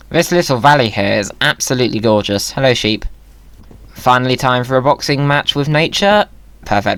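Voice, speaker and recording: A man's voice: medium pitch, fairly bright tone, no room sound. A young man recording a playful voiceover for his game video, rambling and joking at his own expense. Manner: chatty, rambling, self-mocking jokes. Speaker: Minecraft content creator. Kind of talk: playful let's-play voiceover. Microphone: voiceover mic.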